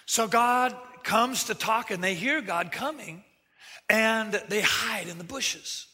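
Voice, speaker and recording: Pastor, male, bright high voice, animated sermon delivery, big echoing hall. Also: slow pace, slightly rough. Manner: animated, acts out quoted voices, jokey asides. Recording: reverberant hall sound.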